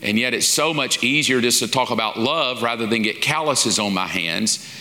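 Bright-voiced man preaching in a reverberant hall. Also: mid-range voice, lively intonation, moderate pace. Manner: folksy and informal, acting out little quoted asides. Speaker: pastor teaching a lesson series. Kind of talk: conversational sermon. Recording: long reverb of a large hall.

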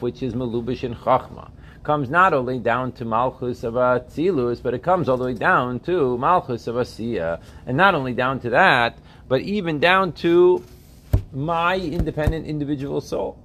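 A man's voice: medium pitch, lively intonation, normal speed, a bit bright, a little hiss or hum. A man teaching a religious text class, often asking his students questions and checking that they follow.

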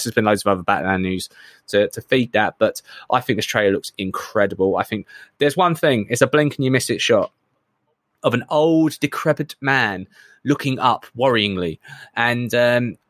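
A man co-hosting a casual film podcast, excited and sweary, rambling between points. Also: lowish voice, dry recording, clean studio sound. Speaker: podcast co-host.

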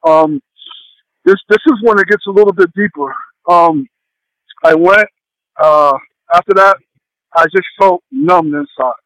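Halting, earnest man with a high voice. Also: a bit bright, dry recording, low-quality recording. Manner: halting, with many pauses and fillers; earnest and heartfelt. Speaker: guest sharing a personal testimony. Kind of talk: emotional personal testimony.

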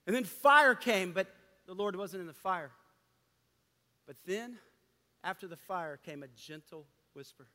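A man preaching a sermon to a gathering of men, impassioned, dropping to a hush and rising again. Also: high-pitched. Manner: impassioned preaching, swinging between loud and hushed. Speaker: pastor. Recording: long hall reverb.

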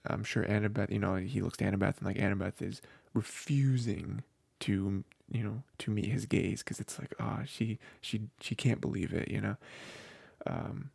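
A man's voice: on the low side, steady tone, normal speed, gravelly, a little mellow, slightly rough, no room sound. A man co-hosting a book podcast, talking casually and rambling with lots of fillers. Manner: rambling, filler-heavy, with many "you know" and "like".

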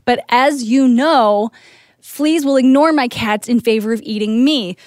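A woman in her thirties chatting casually as a podcast co-host, animated and full of "like" fillers. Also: a little high, unhurried, no room sound, clean studio sound. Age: 30s. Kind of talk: casual chat.

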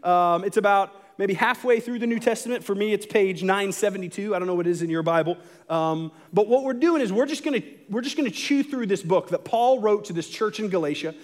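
A young man preaching a sermon, talking casually and acting out quoted lines with lively swings. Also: sits high, fairly quick. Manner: animated, acts out Paul in quoted asides. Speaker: pastor.

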